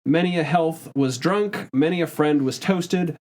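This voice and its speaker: A man's voice: fairly high pitch, a little slow, darkish tone. A man hosting a history podcast, reading old accounts aloud in casual chat, with a few stumbles and laughs. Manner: reads old texts aloud, stumbles on words, laughs along. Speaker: podcast host presenting history.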